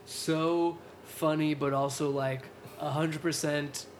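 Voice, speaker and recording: A man co-hosting a podcast in casual chat, animated, laughing often and swearing casually. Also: a little high, slow pace, slight background noise. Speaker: podcast co-host.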